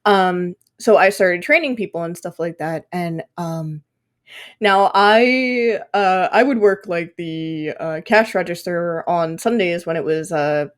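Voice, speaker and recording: A woman's voice: lowish voice, takes it slowly. A young woman in her twenties telling stories in a casual podcast chat. She swears freely and fills her talk with fillers. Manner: animated storytelling, swearing, frequent fillers. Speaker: podcast guest.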